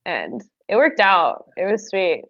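Chatting on a relaxed podcast as an athlete guest, a young woman uses a gravelly, fairly bright medium-pitched voice with wide pitch swings and an unhurried delivery. She laughs often and fills her talk with "like," captured in slightly dull, dry audio.

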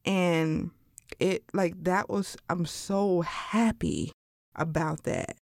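A woman chatting casually on a podcast, telling stories and acting out her own thoughts in high voices. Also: steady tone, slow pace, creaky, a little mellow, no echo, clean studio sound. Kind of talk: casual chat.

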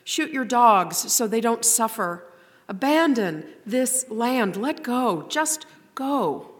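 A woman voicing a young girl who asks quiet, frightened questions, read in a long reverberant hall. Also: fairly high pitch, animated, slow. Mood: anxious.

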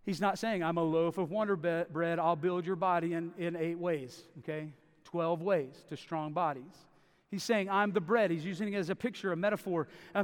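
A man's voice: a little high, moderate pace. A man preaching a sermon, emphatic and repeating phrases for stress. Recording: long reverb of a large hall.

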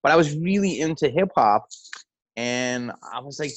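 A man's voice: fairly high pitch, lively intonation, normal speed, no room sound, poor audio. A comedian being interviewed, telling loose rambling stories and acting out the people he quotes. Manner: loose, rambling storyteller who acts out quotes. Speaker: comedian guest. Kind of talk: casual interview talk.

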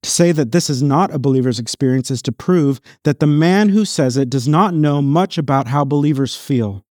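A man preaching a sermon as pastor, reading scripture aloud in an earnest voice that swells on emphatic lines and drops low and quiet on solemn ones. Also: moderate pace, hardly any pauses, dry recording, clean studio sound. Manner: reads scripture passages aloud within the sermon.

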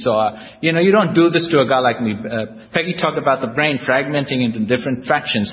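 A man's voice: medium pitch, fast talker, hardly any pauses, a little hiss or hum. A man giving a humorous, self-deprecating personal recovery talk to a live audience at a convention, telling his story with wry storytelling. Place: large hall with a live audience. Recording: echoey hall, dull lo-fi tape.

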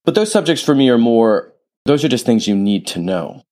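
A man's voice: mid-range voice, big pitch swings, normal speed, a little mellow. A man hosting a solo podcast, talking in a reflective, rambling way, drifting into tangents and restarting his sentences. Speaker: podcast host and author. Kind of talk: casual solo podcast monologue. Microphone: podcast studio microphone.

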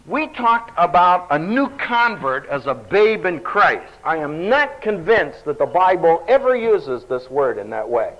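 A man's voice: on the high side, a little slow, hardly any pauses. A man teaching a Bible study, speaking emphatically with a dry humor, on a dull lo-fi recording. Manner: emphatic, animated, dryly humorous.

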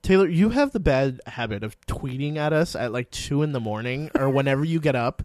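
A man hosting a podcast, telling a story in casual chat, cursing often and acting out quotes with loud yelps. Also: mid-range voice, brisk, no echo, clean studio sound. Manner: profane, excitable storytelling recap. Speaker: podcast host.

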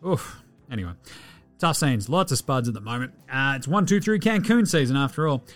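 With soft music in the background, this Australian podcast host talks basketball in a brisk, lively way from a mid-range voice. He keeps it casual and slangy, cursing freely and laughing a lot as he gives his loose sports commentary.

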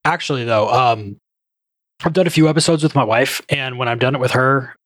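A man's voice: medium pitch, fairly quick, fairly bright tone, dry recording. A man on a podcast, casually telling rambling anecdotes. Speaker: podcast co-host.

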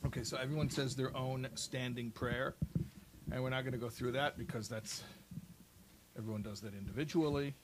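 A man in casual chat, explaining a prayer service and telling an anecdote with lively voices. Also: medium pitch, a little fast, background noise. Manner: storytelling, animated put-on voices for anecdotes. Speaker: co-host.

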